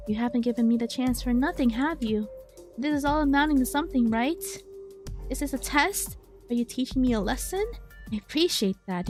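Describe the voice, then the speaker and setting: A woman's voice: sits high, lightly acted. A woman voicing a lonely, desperate young man who pleads and begs over and over while reading game dialogue aloud. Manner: pleading, repetitive, breathless begging.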